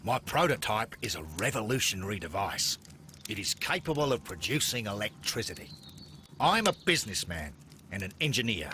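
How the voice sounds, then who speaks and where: Haughty Australian businessman in a game; bright, animated, impatient. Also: fairly low pitch, normal speed, slight background noise. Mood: brusque. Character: brusque wealthy male businessman engineer. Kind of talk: video game voice acting.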